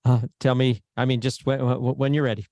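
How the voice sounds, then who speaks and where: A man's voice: mid-range voice, little pitch movement, brisk, dark tone, no room sound, clean studio sound. A man co-presenting an online show, cueing up a video while stumbling and repeating his words.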